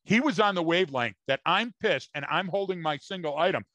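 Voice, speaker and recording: A man in casual podcast talk, co-hosting and telling anecdotes with emphatic repeats. His voice is slightly high and bright. The sound is close and dry. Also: lively intonation, brisk, dry recording. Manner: emphatic, storytelling, repeats words. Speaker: podcast co-host.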